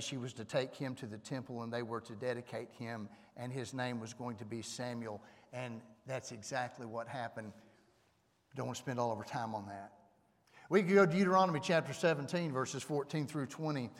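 A man preaching a sermon on a stage microphone, talking conversationally and asking the audience questions. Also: mid-range voice. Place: church hall. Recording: long reverb of a hall.

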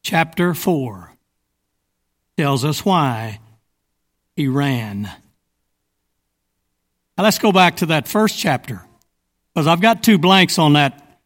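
A man's voice: on the high side, expressive, takes it slowly, long pauses, fairly bright tone. A man preaching a sermon to his congregation, reading scripture and firing rhetorical questions at his listeners. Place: church sanctuary. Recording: long hall reverb.

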